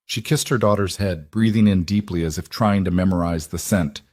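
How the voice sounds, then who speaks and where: Brief: male storyteller, lowish voice, measured and dramatic, dry close sound. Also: darkish tone, dry recording. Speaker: narrator. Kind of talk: scripted audiobook narration.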